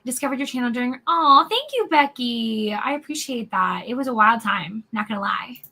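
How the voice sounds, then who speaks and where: Bright, chatty woman hosting a stream. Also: a little high, expressive, normal speed. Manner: chatty and upbeat. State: losing her voice. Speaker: livestream host. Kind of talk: casual chat, reading comments aloud.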